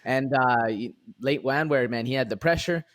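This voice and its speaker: A man co-hosting a podcast, giving relaxed, rambling fight analysis, full of fillers and "man". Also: medium pitch, moderate pace. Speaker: podcast co-host. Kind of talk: casual MMA fight analysis.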